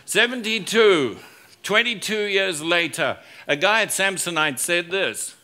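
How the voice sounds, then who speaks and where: Bright, animated male keynote speaker. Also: sits high, unhurried. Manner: storytelling, acts out quoted lines, jokes with audience. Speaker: business school professor giving a conference talk. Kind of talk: humorous conference keynote. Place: conference stage before a live audience.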